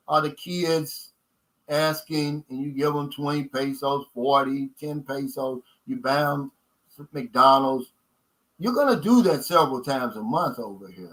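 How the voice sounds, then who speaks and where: A man's voice: on the high side, a bit bright, poor audio. A man with a Kentucky accent hosting a casual livestream chat, emphatic and folksy, repeating his key points and calling viewers guys. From United States. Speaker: channel host.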